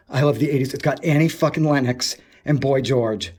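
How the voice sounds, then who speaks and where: A man, vlogging while exploring an abandoned asylum indoors, gushing excitedly, swearing and rambling to himself. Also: medium pitch, a little fast, slightly rough. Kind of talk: casual explore vlog, talking to camera.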